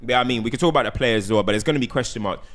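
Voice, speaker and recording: A man's voice: mid-range voice, very fast, a bit bright. A man on a football podcast panel, chatting casually and building his points through repeated phrases. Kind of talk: casual chat.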